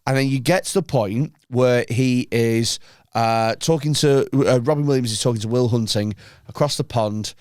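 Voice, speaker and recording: A man's voice: mid-range voice, normal speed, a little mellow, no echo. A man in loose podcast banter, mocking his friends and swearing as he goes. His voice sits mid-range, and the recording is dry and close. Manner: sweary, mocking, acts out film quotes. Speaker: podcast guest. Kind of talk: casual banter.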